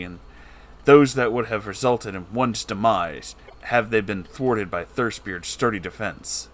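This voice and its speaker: Here a man narrates a storybook with theatrical flair and distinct character voices, his voice on the low side but a bit bright.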